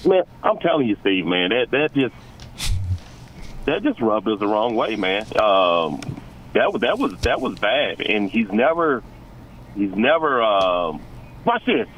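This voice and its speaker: A man calling into a sports radio show, ranting excitably and stumbling over repeated words. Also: fairly low pitch, a little slow, a little hiss or hum, low-quality recording. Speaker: caller.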